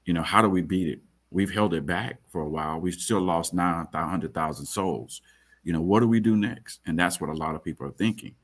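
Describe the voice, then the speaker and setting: A man's voice: low-pitched, a little fast. A man speaking on a webinar panel in an earnest way, often repeating words.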